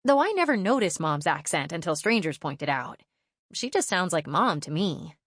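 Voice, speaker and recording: Lively woman narrating a kids' audiobook. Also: on the low side, normal speed, slightly rough, dry recording, clean studio sound. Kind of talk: scripted first-person narration for children.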